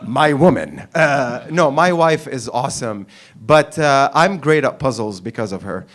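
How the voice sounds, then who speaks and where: A man's voice: mid-range voice, unhurried. A man performing a crude, rambling stand-up comedy set on a club stage with a handheld mic, from the Arab world. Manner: brash, crude, rambling and animated.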